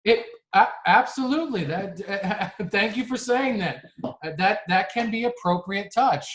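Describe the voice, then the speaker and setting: A man's voice: high voice, unhurried, fairly bright tone. A man co-hosting a podcast, talking earnestly in casual chat and often restarting his sentences. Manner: earnest, frequent restarts and laughs. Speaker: podcast co-host.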